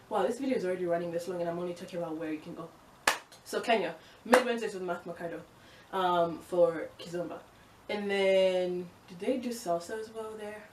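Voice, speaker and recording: A young woman from Uganda chatting fast and excitedly in a casual vlog, given to exasperated, swearing rants. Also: mid-range voice, far from the mic, a little hiss or hum. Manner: fast, excitable talker who speeds up. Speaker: vlogger. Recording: roomy, from the mic.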